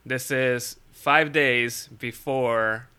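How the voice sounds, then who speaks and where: Bright-voiced giggly podcast host. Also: male voice, mid-range voice, steady tone, drawn-out words, clear, resonant tone. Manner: giggly, rambling, laughs often. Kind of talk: casual chat.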